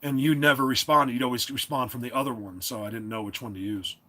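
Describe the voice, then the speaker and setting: A man hosting a live stream, chatting casually and rambling, often clearing his throat and restarting his sentences. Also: mid-range voice, fairly even intonation, fast, pushed and bright.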